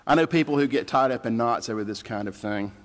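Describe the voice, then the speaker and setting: A man's voice: medium pitch, fast talker. A man, a pastor, preaching a sermon in a plainspoken, conversational storytelling way. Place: church sanctuary. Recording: church livestream with long reverb.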